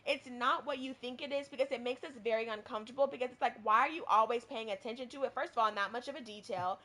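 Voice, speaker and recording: Woman, high voice, casual co-host, animated storyteller. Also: fast talker. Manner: animated, acts out quoted people. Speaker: podcast co-host.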